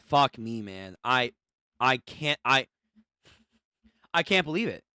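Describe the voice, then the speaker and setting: A young streamer reacting live to a manga, excitable and profane, often stammering and repeating words. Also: medium pitch, slow, clean tone, no room sound, studio quality. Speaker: streamer reading a manga aloud.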